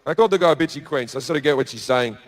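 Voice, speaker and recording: A man with an Australian accent doing stand-up, telling a brash, profane story and sometimes shouting. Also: mid-range voice, racing. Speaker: stand-up comedian. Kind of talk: stand-up comedy. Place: comedy stage.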